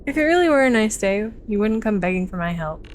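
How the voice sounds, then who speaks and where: A woman's voice: mid-range voice, expressive, fast talker, slight background noise, close to an everyday voice. Woman voicing a bitter house sparrow, scornful and curt, for a game. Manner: contemptuous, cutting.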